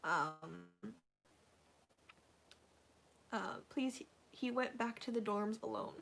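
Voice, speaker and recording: A woman's voice: medium pitch, expressive, slow pace, vocal fry, a bit bright, a little hiss or hum. A woman hosting a casual livestream, chatting to her viewers in a rambling, gushing way full of fillers. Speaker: livestream host.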